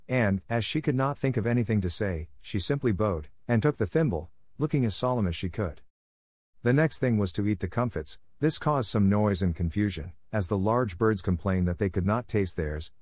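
A man narrates a classic children's story at a steady, measured pace for learners. His voice is low-pitched, recorded dry and close with no room sound. The delivery stays even and clear. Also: dry recording. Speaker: audiobook reader.

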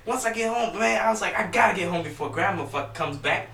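A man's voice: high-pitched, animated, quick pace, gravelly, bright, forceful tone, slight background noise. A young man telling a rambling, profanity-filled story in casual chat with friends. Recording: echoey room from far off.

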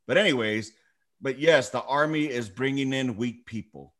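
A man's voice: mid-range voice, moderate pace, fairly bright tone. A man co-hosting a podcast in casual chat, swearing freely and calling his friend bro and dude. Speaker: podcast co-host.

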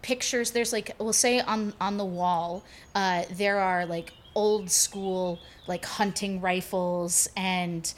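A woman's voice: medium pitch, steady tone, takes it slowly, few pauses, slight background noise. A woman acting as game master, describing scenes in a casual way with plenty of fillers.

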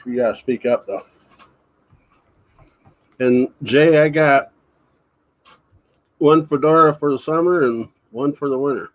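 A man's voice: medium pitch, unhurried, pauses often. A man hosting a paranormal podcast, chatting casually and teasing his guest. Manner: teasing, joking. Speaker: podcast host. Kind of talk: casual chat.

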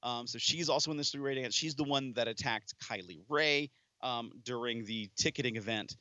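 A man co-hosting a casual wrestling podcast, teasing his partner with quick asides and lots of fillers. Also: mid-range voice, sharp tone, no room sound. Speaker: podcast co-host.

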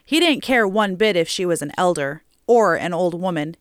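A woman reading a story aloud as an audiobook narrator, steady and measured, on a close mic. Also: lowish voice, clean tone, no echo.

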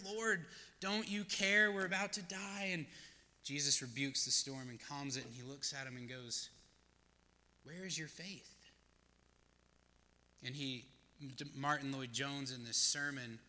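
A man's voice: medium pitch, bright, forceful tone, big-room sound. A male pastor preaching a sermon, earnest and plain-spoken, often asking his listeners questions.

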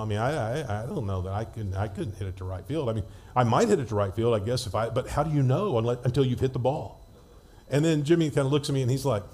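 Mellow-voiced man preaching conversationally. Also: medium pitch. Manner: conversational storytelling with frequent restarts. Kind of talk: sermon.

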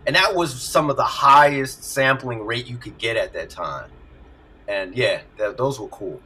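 A middle-aged man, a music producer, telling stories in an animated way and laughing often during a casual interview over a video call. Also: medium pitch, a little slow, breathy edge, poor audio. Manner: animated storyteller, laughs often, acts out voices.

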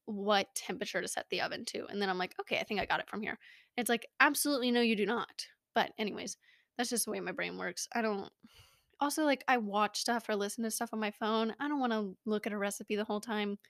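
A woman's voice: mid-range voice, dry recording. A young woman hosting a podcast, rambling in a casual, self-mocking way, recorded close in a small home studio. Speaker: podcast host. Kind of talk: casual chat.

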